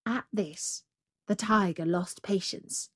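Slow measured woman storyteller. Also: medium pitch, breathy edge, dry recording, clean studio sound. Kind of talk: storybook narration.

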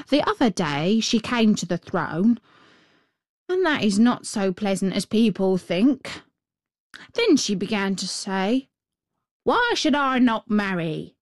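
A woman voicing a thoughtful, gossipy male crow in a fairy tale reading, speaking slowly and deliberately. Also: mid-range voice, no room sound, studio quality, lightly acted.

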